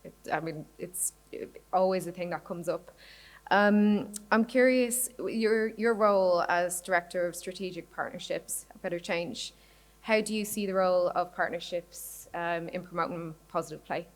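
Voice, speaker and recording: Low-voiced woman moderating a panel. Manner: measured, hands the floor to panelists. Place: hall at a live panel event.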